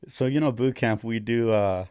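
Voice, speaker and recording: A man in his thirties, a paramedic and Marine veteran, tells stories in casual, profane chat that starts laid-back and grows loud and laughing. His medium-pitched voice is clear and resonant, recorded at studio quality with no room sound.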